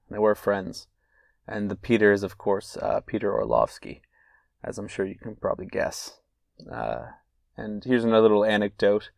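A man's voice: lowish voice, dry recording. A man hosting a solo podcast, reading old letters and anecdotes aloud with casual asides and fillers. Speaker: podcast host.

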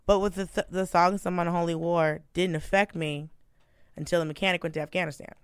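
Animated, profane woman storyteller. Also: on the low side, brisk, clean tone, no room sound, clean studio sound. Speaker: comedian guest. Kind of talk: casual podcast chat.

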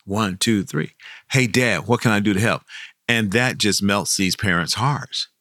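A bright, forceful male voice, a little low in pitch, recorded dry and close. A middle-aged professional Santa from Texas tells stories in an interview. He jumps high when quoting kids and laughs often. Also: measured pace, no echo. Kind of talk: storytelling interview.

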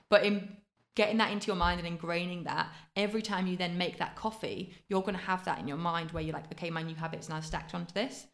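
A woman, a fitness coach giving quick practical advice in casual podcast chat. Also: on the low side, steady tone, vocal fry. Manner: fast, practical advice with many fillers.

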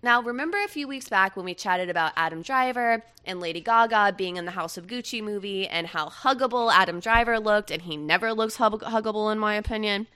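A young woman hosting a casual pop-culture chat, chatty and quick to laugh. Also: medium pitch, clean tone. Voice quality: bright, chatty, laughs often. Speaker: podcast host.

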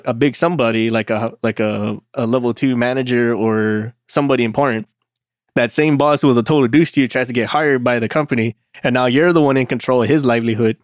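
A man's voice: medium pitch, no room sound, studio quality. A man chatting casually on a podcast, laid-back and profane, laughing often at his own stories. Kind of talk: casual chat.

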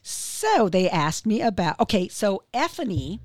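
A woman's voice: mid-range voice, very animated, a little slow, dry recording, clean studio sound. A woman co-hosting a casual chat show, telling a long story and acting out what other people said. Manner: chatty storyteller, acts out quoted voices. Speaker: podcast co-host. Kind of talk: casual chat between friends.

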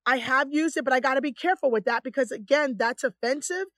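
A woman chatting casually, telling lively stories and acting out other people's voices. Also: sits high, quick pace, dry recording. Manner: animated storyteller, acts out voices. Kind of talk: casual chat.

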